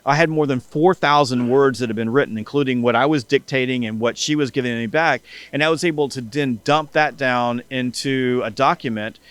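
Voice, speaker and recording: A man's voice: medium pitch, fairly quick, hardly any pauses, clear, resonant tone, no echo. A man being interviewed as a podcast guest, telling stories in a conversational way and acting out the dialogue he quotes. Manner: animated, acts out quoted dialogue.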